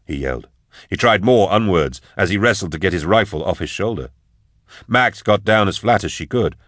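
A man reading an action story aloud in steady, measured audiobook narration. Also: fairly low pitch, no echo, clean studio sound.

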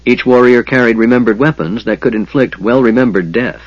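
A man reading a fantasy novel aloud in a measured storytelling manner. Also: mid-range voice, no echo, lo-fi sound. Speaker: audiobook narrator. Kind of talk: scripted fantasy narration.

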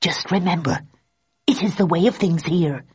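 A woman's voice: fairly low pitch, normal speed, darkish tone, slightly rough. A woman voicing a stern, aggressive woman servant who speaks in a curt, matter-of-fact hiss, in slightly dull lo-fi audio.

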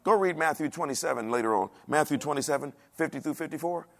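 Gravelly-voiced preacher with a dialect. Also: male voice, on the high side, quick pace. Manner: animated preaching, asks the congregation questions, acts out quoted voices. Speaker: pastor. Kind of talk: sermon.

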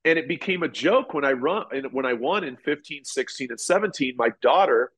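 A man in his forties, a former ballplayer, telling stories in a relaxed, rambling way during an interview. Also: mid-range voice, a little fast, breathy edge. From United States. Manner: relaxed, rambling, many restarts. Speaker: podcast guest, former pitcher and golfer. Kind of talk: casual interview storytelling.

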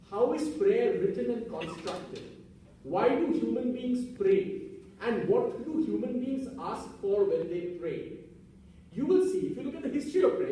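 A high-voiced man gives an earnest spiritual lecture, posing one rhetorical question after another. His tone is mellow and soft-edged. He is heard from a distance in a large hall, with heavy echo around every word. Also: slight background noise. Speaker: speaker on Vedanta. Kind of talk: public talk to an audience. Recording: echoey hall, mic from far off.

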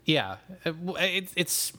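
Animated nasal Midwestern man. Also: a little high, slow. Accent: American Midwestern. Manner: animated, swearing, laughing. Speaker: podcast co-host. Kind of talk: casual podcast banter.

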